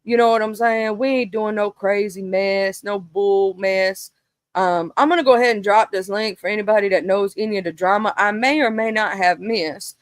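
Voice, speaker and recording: A woman hosting a casual livestream gossip chat, animated and talkative, breaking into sudden high exclamations. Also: normal speed, no echo. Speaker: livestream host.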